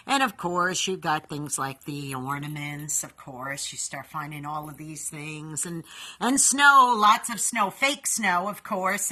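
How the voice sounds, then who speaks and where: A woman hosting a short inspirational video, talking in an upbeat, animated way and calling her viewers boys and girls. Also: fairly low pitch. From New York.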